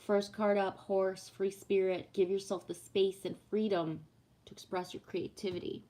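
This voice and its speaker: A woman's voice: mid-range voice, normal speed. Blunt, swearing woman. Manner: blunt, swears freely, animated rants. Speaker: livestream host reading oracle cards. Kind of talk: casual live chat with viewers.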